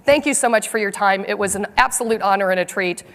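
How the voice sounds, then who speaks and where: A woman giving a conference keynote speech to leaders on a stage, telling stories in a lively, expressive way. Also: medium pitch, fast talker. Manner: animated storytelling, lively and expressive. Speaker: keynote speaker. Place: large conference hall. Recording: hall reverb from a stage.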